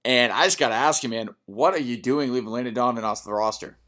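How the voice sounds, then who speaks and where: A man in casual sports banter who talks quickly. He teases his partner with setup questions and playful jabs. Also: medium pitch, a bit bright. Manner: joking, needles his co-host with leading questions. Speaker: podcast co-host.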